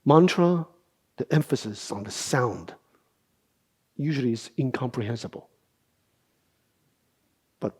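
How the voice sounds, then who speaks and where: A middle-aged meditation teacher gives a Buddhist dharma talk, explaining at a leisurely pace, posing rhetorical questions and frequently tacking on "right?". His voice sits a little high with wide pitch swings, a darkish tone and a breathy edge.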